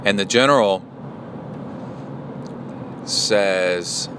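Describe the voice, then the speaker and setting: Man, podcast host, casual solo talk, rambling, reflective, low voice, car road noise. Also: very slow.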